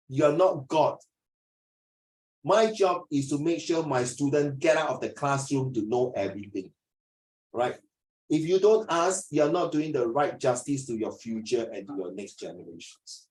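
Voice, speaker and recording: A middle-aged man with a Malaysian English accent teaching an English lesson, lively and lecturing, mixing in Mandarin. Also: medium pitch, measured pace, roomy sound, rough recording. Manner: animated, switches between English and Mandarin, lectures and acts out scenes. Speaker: English tutor. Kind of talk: classroom lesson.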